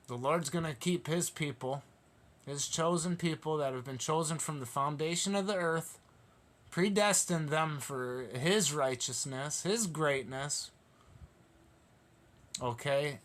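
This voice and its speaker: A man preaching a Bible study sermon, passionate and emphatic, repeating phrases for stress and reading scripture slowly and deliberately. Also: on the high side, a bit bright. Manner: emphatic and repetitive, with slow drawn-out scripture reading; passionate, stirred up.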